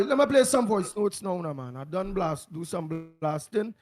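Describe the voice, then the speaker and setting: Excitable male call-in host. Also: high-pitched, moderate pace, faint music behind. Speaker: talk show host. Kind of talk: live call-in show hosting.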